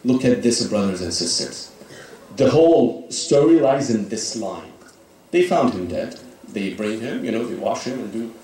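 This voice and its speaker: A man's voice: lowish voice, very animated, normal speed, mellow. A man preaching a sermon, telling a story dramatically with frequent "you know" fillers. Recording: echoey hall, speaker far from mic.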